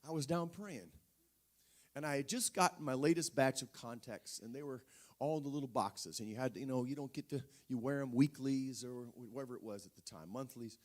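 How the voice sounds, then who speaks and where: A man's voice: mid-range voice, brisk, a little mellow. A male preacher telling a personal story in a sermon, talking conversationally with frequent restarts and fillers.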